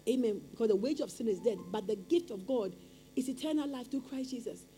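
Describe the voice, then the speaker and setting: A woman's voice: fairly high pitch, lively intonation, brisk, mellow. A woman preaching a sermon with emphatic, repetitive call-and-response phrasing.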